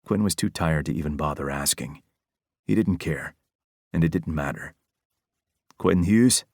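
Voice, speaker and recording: A man narrating a crime novel audiobook in a steady, even reading. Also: very deep voice, normal speed, breathy edge, no room sound, studio quality.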